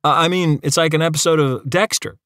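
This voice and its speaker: A man's voice: mid-range voice, animated, moderate pace, gravelly, dry recording, studio quality, pitched above the performer's own voice. A man voicing an awkward, clumsy lanky young man who stammers and hesitates in an audiobook. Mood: sheepish.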